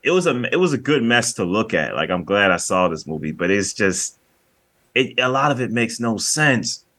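A man's voice: lowish voice, big pitch swings, normal speed, fairly bright tone. A man casually chatting as a podcast co-host, rambling and often repeating his words. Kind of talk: casual movie review chat.

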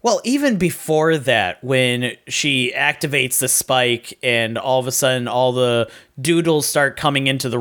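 A man's voice: mid-range voice, fairly bright tone. A man casually chatting as a podcast co-host, with wry, sarcastic asides. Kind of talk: casual movie review chat.

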